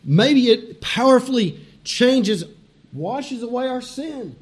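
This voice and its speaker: A male pastor delivers an animated sermon slowly in a high, bright, husky voice. He chuckles along with his points, then shifts to a hushed intensity, driving ideas home through repetition.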